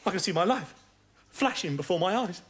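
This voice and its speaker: A man's voice: sits high, brisk. Man, hamming up pain. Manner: mock-melodramatic groaning, deadpan quips. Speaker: sitcom lead. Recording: TV studio with hiss and audience laughter.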